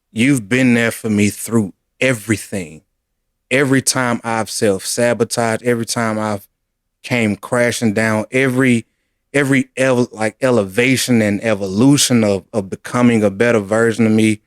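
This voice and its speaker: Low-ish guy talking real earnest and slow to his wife, dry sound. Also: no room sound. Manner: earnest, deliberate, speaks slowly for emphasis. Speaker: co-host of a couples channel. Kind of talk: casual heartfelt chat.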